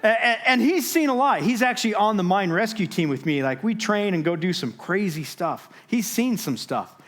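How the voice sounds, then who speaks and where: Man preacher, slightly high voice, storytelling sermon, dramatic pauses, swings loud to hushed. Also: expressive. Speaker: guest speaker. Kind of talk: sermon testimony. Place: church stage.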